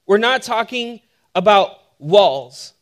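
A man with a notably high voice delivers a sermon as a pastor. He tells stories with humor and lively timing, then settles into steady teaching. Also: slow. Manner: humorous storytelling, animated when telling the joke. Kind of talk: sermon with personal story.

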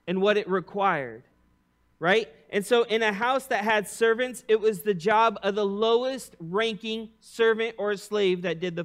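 Male pastor, high voice, animated conversational sermon, hushes for scripture. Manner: casual preacher asides.

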